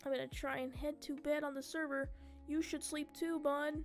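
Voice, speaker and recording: A woman host with a high voice talks casually while gaming. She is chatty and relaxed, dropping swear words without fuss. She talks into a desk mic on a voice call. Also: normal speed, soft background music. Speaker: streamer, host.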